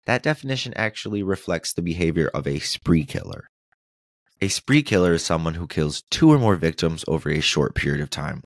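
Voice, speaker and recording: A man narrates a true-crime podcast in a low voice, dropping sarcastic asides between quoted passages. The recording is dry and close, with no room sound. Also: no room sound. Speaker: podcast host.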